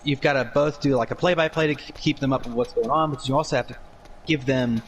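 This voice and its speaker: An earnest man chatting casually on a podcast about his work as a game commentator. His voice sits at an ordinary pitch. He explains his process step by step, at length. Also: fairly even intonation, fast, slight background noise.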